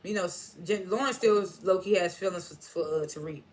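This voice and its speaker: A man casually recapping and reviewing a TV episode, rambling and animated, with frequent swearing and laughter. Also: high voice, fairly quick.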